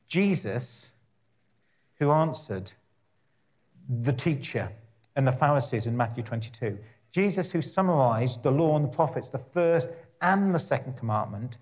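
A man preaching a sermon, reading scripture and then slowing down to stress key words with deliberate pauses. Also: a little high, darkish tone. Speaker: pastor.

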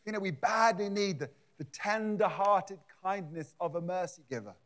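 A man's voice: high voice, moderate pace, fairly bright tone. A man preaching a conversational sermon in a church, often repeating words and adding asides. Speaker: pastor.

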